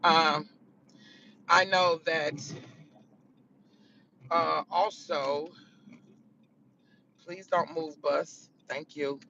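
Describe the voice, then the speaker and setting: A woman's voice: low voice, steady tone, very slow, pauses often, sharp tone, a little hiss or hum. A woman content creator chatting candidly and profanely in a casual vlog from a car, laughing often. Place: in a car on the way to work. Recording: dull lo-fi sound.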